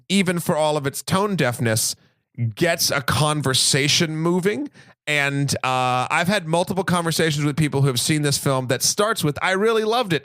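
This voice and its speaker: A man's voice: medium pitch, a bit bright, no echo, clean studio sound. A man hosting a casual film podcast, rambling and self-correcting in a playful way. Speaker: podcast host.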